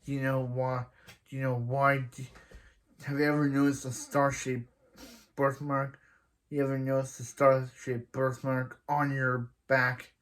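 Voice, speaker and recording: A man casually recapping an anime episode, rambling, restarting sentences, and often trailing off quietly. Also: medium pitch, little pitch movement, measured pace. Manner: rambling, with frequent restarts and "he's like" retellings.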